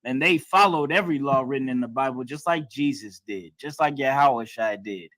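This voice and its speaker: Blunt man at mid pitch preaching a lesson, casual and emphatic, dry close sound. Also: moderate pace, a bit bright, no room sound. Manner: emphatic, blunt, colloquial with occasional swearing; acts out other people's voices in mocking tones. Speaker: class teacher.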